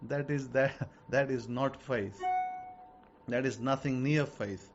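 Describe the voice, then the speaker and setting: A man's voice: medium pitch, takes it slowly, lo-fi sound, over music. A man teaching as a rabbi in an emphatic sermon, hammering home his points by repeating them. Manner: emphatic, repeats key statements.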